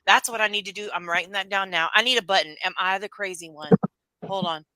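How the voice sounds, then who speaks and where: A woman's voice: mid-range voice, fast talker, bright, forceful tone, dry recording. A woman talking emphatically on a livestream, asking rhetorical questions and repeating herself. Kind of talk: ranting livestream monologue.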